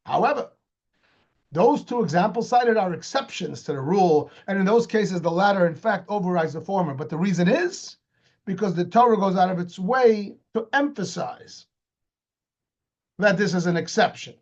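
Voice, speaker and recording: A man, a rabbi, giving an explanatory Torah lecture. He talks in an animated way, asks rhetorical questions and repeats words as he restarts. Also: sits high, normal speed, muffled recording.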